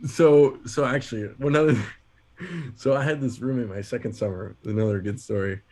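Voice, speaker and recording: Animated laughing man telling stories. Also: medium pitch, normal speed. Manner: animated, laughing, lots of fillers. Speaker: podcast co-host. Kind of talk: casual storytelling.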